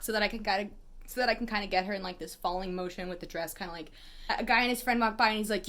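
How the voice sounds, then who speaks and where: A woman photographer telling stories in a casual vlog, animated and wry, with lots of "like" fillers. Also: medium pitch, fast. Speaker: photographer and vlogger.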